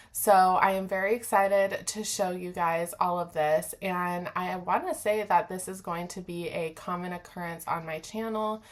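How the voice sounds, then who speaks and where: A friendly woman talks casually to her viewers in a haul vlog. Her voice sits a little on the low side, and she keeps the tone chatty and direct. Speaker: reseller vlogger, channel host.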